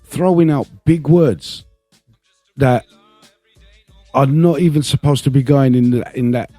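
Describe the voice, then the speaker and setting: A man's voice: medium pitch, steady tone, unhurried, mellow, no echo, soft background music. A man co-hosting a podcast, chatting casually, teasing, and often saying "you know". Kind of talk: casual chat.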